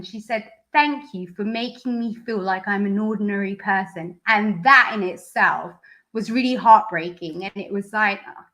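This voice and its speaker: Earnest woman therapist explaining clearly. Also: on the high side, bright, forceful tone. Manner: earnest, explains step by step with examples. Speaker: speech and language therapist. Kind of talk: interview answers.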